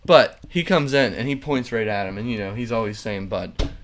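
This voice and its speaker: A man's voice: mid-range voice, fairly quick. A young man hosting a casual podcast chat, telling rambling, profane work stories full of likes. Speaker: podcast host.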